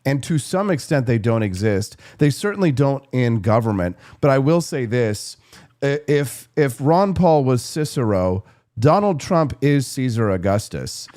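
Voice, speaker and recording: A male interview host who speaks emphatically and keeps restarting his sentences. His voice sits at a middle pitch. It sounds dry and close, with no room echo. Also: animated, measured pace, darkish tone. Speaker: show host. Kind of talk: interview conversation.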